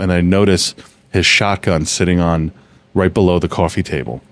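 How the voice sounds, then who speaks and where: Deep-voiced man telling stories. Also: a little fast. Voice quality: low, relaxed storytelling with frequent restarts. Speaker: podcast host. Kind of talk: casual storytelling chat.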